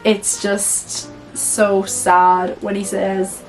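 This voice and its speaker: A young woman talks through her film rankings in a loose, chatty way, leaning on fillers and dropping swear words. Her voice sits in an ordinary middle register. A little music plays quietly behind her. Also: mid-range voice, flat delivery, drawn-out words, rough recording. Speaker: vlogger reviewing films. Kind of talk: casual tier-list commentary.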